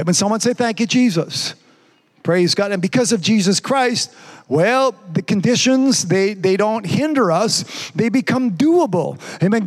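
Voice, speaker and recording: A pastor preaching a sermon, fervent and repetitive, peppering his talk with "praise God" and "amen.". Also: high-pitched. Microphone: streamed online service.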